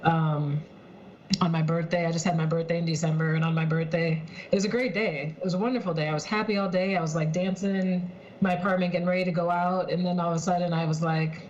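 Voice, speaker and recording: A woman's voice: lowish voice, flat delivery, fast, darkish tone, dull audio, a little hiss or hum. A woman casually telling a personal story on a video call from home, chatty and heartfelt, with lots of "like" and "um". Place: at home in her apartment, heater running.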